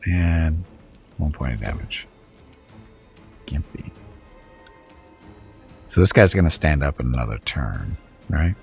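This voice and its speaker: Deep, gravelly guy streaming a game. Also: animated, slow pace, pauses often, darkish tone, faint music behind. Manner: wry, chatty, chuckling asides to chat. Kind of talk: casual let's-play commentary.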